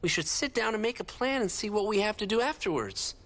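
Actor doing a laid-back young brother, bantering, lively swinging voice, roomy reverb. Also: male voice, high voice, a little fast. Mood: offhand. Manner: light, offhand, bantering. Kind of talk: dubbed drama dialogue.

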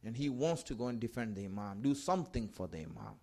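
A man's voice: medium pitch, big pitch swings, quick pace, darkish tone. Man telling a sermon story emphatically. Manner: emphatic, repeats key phrases. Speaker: religious speaker.

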